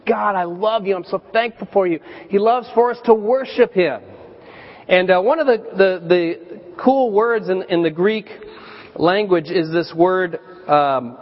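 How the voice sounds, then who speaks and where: A man in his thirties preaching a sermon as a pastor, chatty and storytelling, with animated voiced quotes. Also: high voice. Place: church sanctuary. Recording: dull church recording with long reverb.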